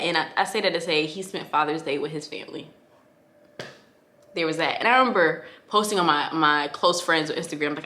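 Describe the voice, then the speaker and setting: A woman's voice: on the low side, expressive, normal speed, pushed and bright. A young woman from Connecticut telling a personal story to her viewers, casual and heartfelt, with lots of fillers. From Connecticut, USA. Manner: casual, heartfelt, filler-heavy, addresses listeners as y'all. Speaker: vlogger. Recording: echoey room.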